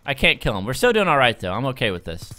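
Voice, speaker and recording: A young man giving casual, excitable gameplay commentary as a gaming YouTuber, joking and laughing often. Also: mid-range voice, fast. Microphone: desk microphone.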